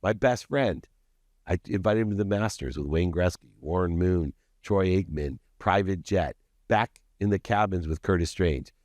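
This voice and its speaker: A man with a very low voice recounts his life story as a podcast guest, with intense, confessional emphasis. The sound is close and dry. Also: moderate pace, a little mellow, no room sound. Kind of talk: personal storytelling in an interview.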